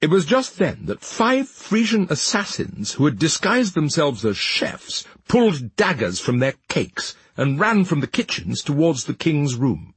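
A man narrating a fairy tale with an expressive, dramatic reading. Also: a little high, a little slow, hardly any pauses, slightly rough, dry recording. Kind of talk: storybook narration.

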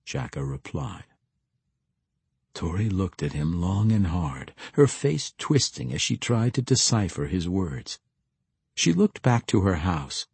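Casting: low-voiced male narrator, lively delivery, husky, dry studio sound. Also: a little slow, dry recording. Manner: expressive storytelling. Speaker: audiobook narrator. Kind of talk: scripted fantasy narration.

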